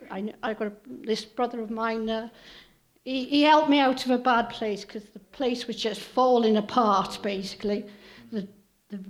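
A woman with a Welsh accent gives her testimony at a church service. Her voice sits a little high, and she talks off the cuff, full of ums and restarts. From Wales. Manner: hesitant, with many fillers and restarts. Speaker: church member giving testimony. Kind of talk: unscripted spoken testimony.

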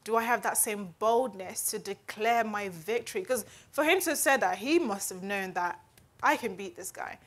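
With a medium-pitched voice and few pauses, a woman speaks at a normal rate. Her Bible teaching is earnest and chatty, sprinkled with "right?" checks, in the style of a conversational devotional talk.

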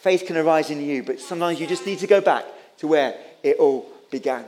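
A man's voice: fairly high pitch, a little fast, a little mellow. A man preaching a sermon, impassioned and repetitive, stumbling over restarts as he builds his points. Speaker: pastor.

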